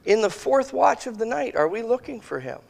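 A man preaching a sermon in a conversational way, thinking aloud with restarts and slowing to give quoted scripture weight. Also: very high-pitched, lively intonation, gravelly, a little mellow, big-room sound. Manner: slow, emphatic phrasing of quoted scripture.

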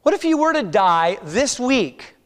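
A high-pitched male pastor preaches in a church, pressing his listeners with question after question. He rises to loud urging, then drops to a near hush. The sound rings with a long hall reverb. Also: very animated, a little slow. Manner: rhetorical questions, swings from loud urging to hushed. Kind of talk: sermon.

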